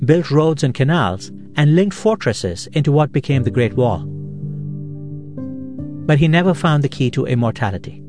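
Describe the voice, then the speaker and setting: A man hosting a podcast, giving measured, reflective scripted narration in a studio. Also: medium pitch. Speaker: podcast host.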